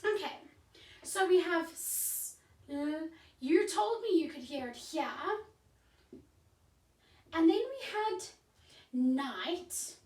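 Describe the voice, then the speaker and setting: A woman teaching a phonics lesson to young children in a slow, clear teacherly voice, sounding out letters, heard from a distance in a roomy space. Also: very high voice, lively intonation, darkish tone. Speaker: primary school teacher.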